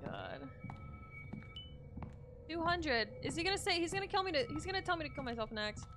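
A woman streaming a horror game live, excitable and swearing, yelping when scared. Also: very high voice, fairly quick. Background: game music.

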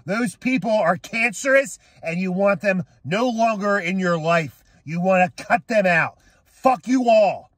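Ranting young man, high voice, dry sound. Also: animated, unhurried, no echo. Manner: angry, shouting, swearing. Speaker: sports fan vlogger. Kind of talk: profane rant to camera.

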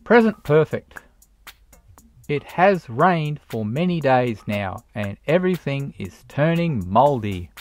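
A narrator giving a scripted grammar lesson for English learners, explaining each point slowly and deliberately with read-out examples. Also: mid-range voice, expressive, soft background music. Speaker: English teacher.

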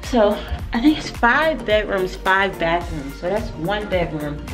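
Slow, animated woman vlogger. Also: medium pitch. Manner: chatty, laughs often, thinks aloud. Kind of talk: casual house-tour chat. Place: indoors in a large vacation house, later on a deck. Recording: background music under the voice.

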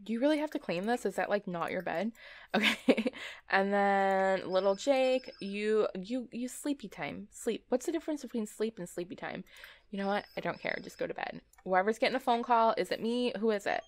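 A woman's voice: medium pitch, moderate pace. A woman giving casual, chatty commentary while playing a game, talking to her characters, often laughing and repeating herself in exasperation. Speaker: let's play host.

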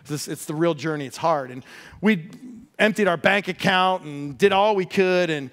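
Animated, high-voiced man preaching. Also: moderate pace. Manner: animated storytelling with humor. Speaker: pastor. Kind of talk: sermon.

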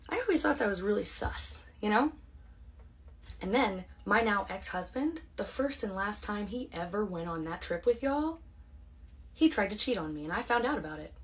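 Husky-voiced woman, sarcastic and rambling. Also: medium pitch, expressive, normal speed. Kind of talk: casual social media monologue.

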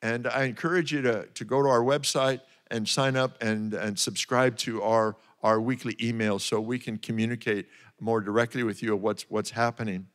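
A man's voice: mid-range voice, fairly even intonation, normal speed, a bit bright. A man preaching a sermon, praying fervently and then telling a Bible story, repeating words as he goes. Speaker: pastor. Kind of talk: sermon with prayer.

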